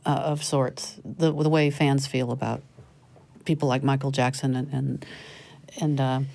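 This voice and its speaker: A middle-aged woman hosts a casual panel discussion, with a low, grounded voice. She talks freely, laughs easily and corrects herself on the fly. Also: flat delivery, unhurried, gravelly, warm tone. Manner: chatty, laughing, self-correcting. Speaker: show host.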